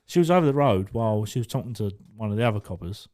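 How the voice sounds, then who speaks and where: A man's voice: fairly low pitch, animated, fast. A young man co-hosting a podcast, telling a story casually with frequent laughs and swearing. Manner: swearing, laughing, acts out shouted quotes. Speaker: podcast co-host.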